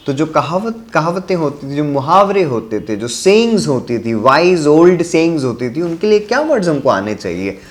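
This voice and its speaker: A man's voice: a little high, sing-song, racing, few pauses. A man giving a test-prep vocabulary lesson, often switching into Hindi and repeating key words for emphasis. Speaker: vocabulary teacher.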